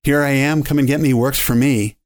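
A man voicing a loud, shaky, cursing young man in a read-aloud story. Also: mid-range voice, fairly even intonation, brisk, voice pushed up, natural voice. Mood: defiant.

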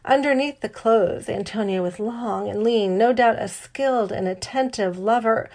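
A woman narrating a novel in a measured, wry storytelling manner. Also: medium pitch, darkish tone. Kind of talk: audiobook narration.

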